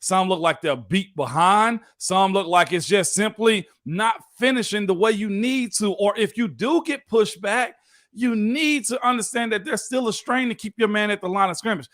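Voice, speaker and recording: Emphatic man with a higher voice. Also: moderate pace, a bit bright, no echo, clean studio sound. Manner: emphatic, calls people man. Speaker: co-host, former football player. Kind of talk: casual sports talk. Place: studio.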